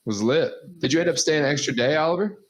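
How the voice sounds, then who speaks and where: A young man co-hosting a podcast, teasing the others with quick questions in casual chat. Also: on the high side. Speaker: podcast co-host.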